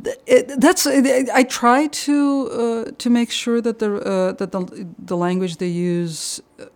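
A woman's voice: fairly high pitch, fairly even intonation, darkish tone. Thoughtful older woman. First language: Russian. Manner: thoughtful, explains at length with frequent pauses to find the word. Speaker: translator and guest. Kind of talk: interview conversation.

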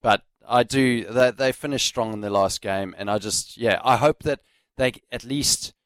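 A man with a New Zealand accent co-hosting a sports radio show, easygoing and quick to rib his partner. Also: medium pitch, fairly bright tone, dry recording. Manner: easygoing, laughing, ribbing his co-host. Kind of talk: casual sports radio chat. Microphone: studio microphone.

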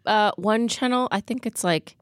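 A woman's voice: medium pitch, normal speed, no room sound, studio quality. Chatty woman telling a funny anecdote. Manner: chatty storyteller. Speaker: podcast co-host. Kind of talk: casual chat.

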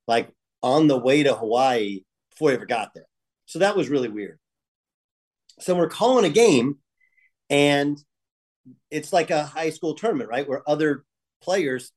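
A man's voice: mid-range voice, darkish tone. A middle-aged man on a sports podcast, telling a long anecdote in a casual, rambling way with lots of fillers. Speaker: podcast co-host and game broadcaster. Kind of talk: casual sports chat, storytelling.

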